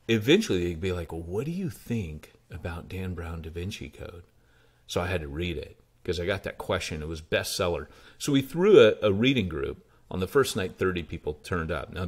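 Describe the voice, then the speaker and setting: A deep-voiced man from the United States, a pastor and church planter, tells stories in a conversational interview. He's animated and acts out the dialogue he quotes.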